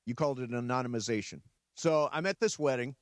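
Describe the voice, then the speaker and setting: A man's voice: mid-range voice, quick pace, dry recording. A man co-hosting a sports radio talk show, telling rambling personal anecdotes full of restarts in a casual studio chat.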